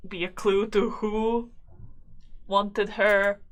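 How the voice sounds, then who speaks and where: A woman player at a tabletop game, asking slow, hesitant questions. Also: medium pitch, level tone. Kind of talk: casual tabletop play.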